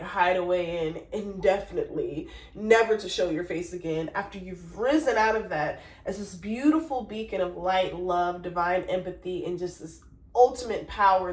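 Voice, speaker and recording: A woman's voice: mid-range voice, reverberant, recorded from a distance, poor audio. A woman giving a casual spiritual tarot reading in a chatty, rambling way, now and then breaking into sung exclamations. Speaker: tarot reader.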